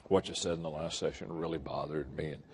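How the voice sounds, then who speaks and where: A man putting on the voice of a secretive male CEO who speaks in a low, hushed whisper. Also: steady tone, racing. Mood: hushed, insistent.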